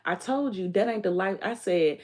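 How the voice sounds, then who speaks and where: A woman's voice: medium pitch, normal speed, darkish tone. A woman hosting her own livestream, talking bluntly and emphatically in a candid, profane monologue, often quoting what she told others. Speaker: livestream host.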